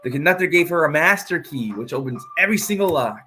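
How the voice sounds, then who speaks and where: A player doing a gruff cowboy echidna sheriff. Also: medium pitch, expressive, fast, sharp tone, faint music behind. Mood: earnest. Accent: put-on cowboy drawl. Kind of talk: voicing game dialogue.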